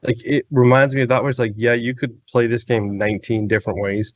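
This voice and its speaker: A man's voice: medium pitch, little pitch movement, no echo. Chatty man on dull dry podcast audio. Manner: chatty, quick, many fillers like "like". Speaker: podcast co-host. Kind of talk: casual podcast chat about games.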